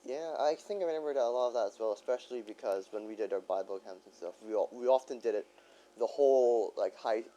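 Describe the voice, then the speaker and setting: A man's voice: medium pitch, quick pace, warm tone, low-quality recording. A man co-hosting a casual podcast chat, telling rambling stories and laughing as he goes. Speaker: podcast co-host.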